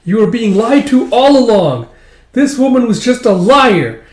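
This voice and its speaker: A man voicing a scheming, ruthless little girl in a shrill, sharp, insistent tone. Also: lively intonation, moderate pace. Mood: taunting. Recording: roomy echo.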